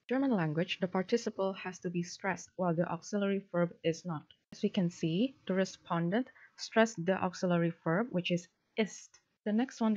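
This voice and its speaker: A woman presenting linguistics research, reading a prepared academic talk in a steady, formal way with a few fillers. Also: lowish voice. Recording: dull lo-fi recording.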